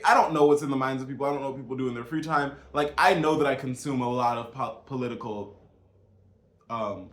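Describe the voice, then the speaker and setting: A man's voice: on the high side, fairly bright tone. Man ranting, incredulous, in an echoey room. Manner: incredulous, emphatic, addresses viewers as y'all. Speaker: vlogger. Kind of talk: casual political rant to camera.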